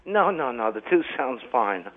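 A man's voice: medium pitch, very animated, normal speed. A man calling in to a radio show, sounding conspiratorial. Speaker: caller. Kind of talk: phone-in call. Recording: tinny phone line.

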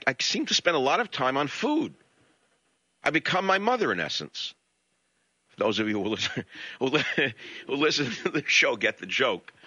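An older man with a New York accent talks candidly and with self-deprecation as a talk radio host. His voice sits a little low but comes across bright and forceful. The sound is dry and slightly muffled, like lo-fi radio. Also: no room sound.

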